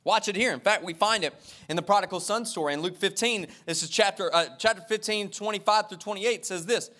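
Male pastor, high-pitched, impassioned sermon delivery with repeated refrains, addresses the congregation directly. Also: fairly quick, sharp tone. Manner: impassioned preaching with emphatic repetition.

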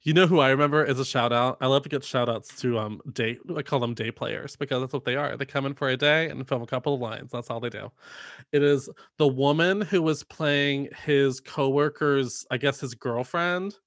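A man co-hosting a casual podcast chat, animated and quick to laugh. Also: mid-range voice, dry recording. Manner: animated, laughing, mimics lines. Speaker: podcast co-host.

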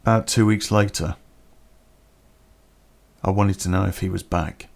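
A man telling a personal story on a podcast in a plain-spoken, unhurried way with pauses. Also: sits low, fairly even intonation, creaky, a little mellow.

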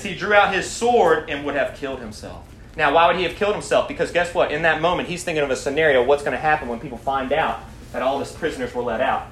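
A man's voice: on the high side, fast, a bit bright. A young man leading a Bible study, preaching animatedly, asking the group questions and reading scripture aloud. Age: young adult. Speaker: student Bible study leader. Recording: echoey room, faint background noise.

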